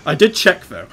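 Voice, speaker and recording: A man's voice: very high-pitched, fairly bright tone, husky. A man hosting a let's play, rambling through casual gameplay commentary and laughing often as he explains. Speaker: let's play host playing the game.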